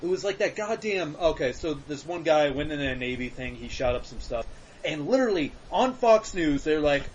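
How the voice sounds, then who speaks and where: Animated high-voiced joking man. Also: normal speed, highs cut off, a little hiss or hum. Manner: joking, swearing, mock voices. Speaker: podcast host. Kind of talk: casual chat.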